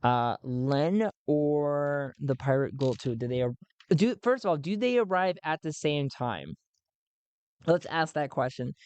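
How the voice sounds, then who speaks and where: A man's voice: a little high, unhurried, darkish tone, smooth, no echo. A man narrating and rolling dice in a solo tabletop game, thinking aloud and often restarting his sentences.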